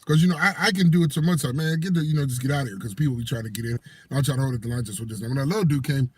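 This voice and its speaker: Dude rattling off door stories real fast, laughs a lot, bit of faint hiss behind him. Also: male voice, medium pitch, darkish tone. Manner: rambling, laughs often, acts out quotes. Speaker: co-host, nightclub door worker. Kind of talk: casual storytelling chat.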